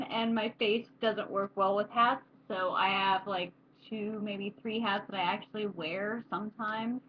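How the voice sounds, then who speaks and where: A woman's voice: medium pitch, slight background noise. Chatty woman rambling on lo-fi video. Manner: rambling, chatty, with frequent fillers and laughs. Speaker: vlogger. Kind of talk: casual talking to camera.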